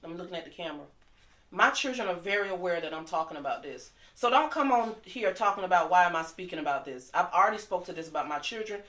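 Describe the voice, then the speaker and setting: Speaking as a guest in an echoey room, a middle-aged woman with AAVE shares a personal story with heated emotion. Her voice sits lowish and a bit bright, with lively intonation, and she talks quickly and impassionedly.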